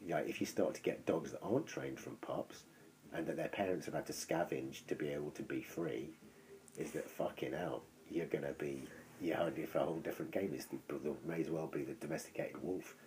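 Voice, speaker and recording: A man with a very low, deep voice tells a long story in loose, casual chat. He rambles and backtracks, and he swears freely as he goes. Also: a little fast, a little mellow.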